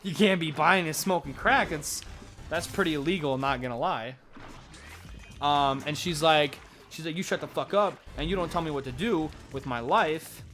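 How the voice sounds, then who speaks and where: A young man with a bright, slightly high voice spins a rambling, profane made-up story while he plays. He acts out both sides of the dialogue in his own voice, and faint music plays behind him. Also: normal speed. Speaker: gameplay commentator. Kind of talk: rambling improvised game narration.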